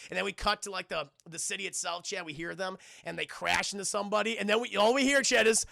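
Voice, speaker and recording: Excitable, gravelly-voiced male streamer. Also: high-pitched, fast, dry recording, studio quality. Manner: excitable, profane, addresses chat, frequent restarts. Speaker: streamer recapping a cartoon episode. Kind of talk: casual live-stream recap.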